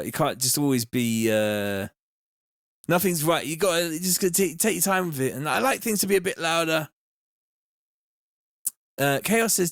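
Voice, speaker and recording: A man's voice: on the high side, no echo, studio quality. A man casually chatting while producing a track, laid back and reading out viewer comments. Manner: laid-back, chatty, reads chat aloud. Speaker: music producer streaming. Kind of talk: casual live-stream chat while producing. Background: faint music.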